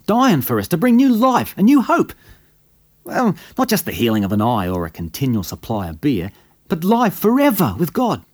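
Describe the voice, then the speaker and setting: A man's voice: high-pitched, a little mellow. A man with an Australian accent, telling a story in a folksy, conversational bush-yarn manner as scripted radio narration.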